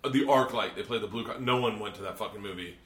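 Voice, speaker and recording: A man hosting a podcast, telling a long story in casual chat, swearing a lot and rambling with animated energy. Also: on the low side, rapid-fire. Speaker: podcast host and comedian. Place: hotel room. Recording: roomy hotel room echo.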